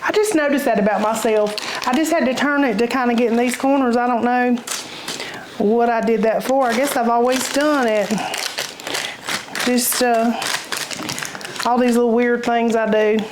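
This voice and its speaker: A woman's voice: on the high side, fairly even intonation, normal speed, pauses often, noisy background. A woman with a Southern US accent hosting a casual home cooking demonstration, folksy and chatty, with easy laughs. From Southern United States. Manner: folksy, chatty, says y'all, laughs easily. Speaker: cooking channel host. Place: home kitchen.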